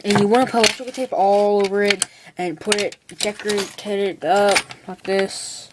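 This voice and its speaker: A woman's voice: medium pitch, steady tone, moderate pace. A young woman, perhaps a teen, rambling chattily through a casual how-to demonstration at a home workbench, full of "like" and "okay". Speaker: hobbyist showing a build. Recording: noisy home video recording.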